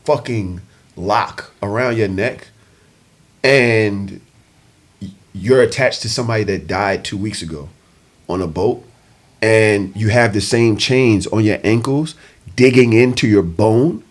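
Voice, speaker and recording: A man, a guest on a podcast, speaking with passion and profanity, swinging from low brooding tones to loud outbursts. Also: measured pace, pauses often. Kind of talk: casual podcast discussion.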